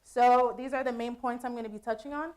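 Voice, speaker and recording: A woman's voice: on the high side, steady tone, a little fast, darkish tone, smooth. A young woman giving a casual, chatty conference presentation to a room, laughing easily as she talks. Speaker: student presenter.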